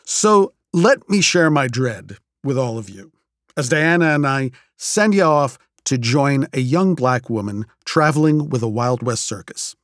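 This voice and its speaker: A man's voice: medium pitch, expressive, unhurried, no room sound, clean studio sound. A male podcast host giving a wry, playful scripted introduction to a story.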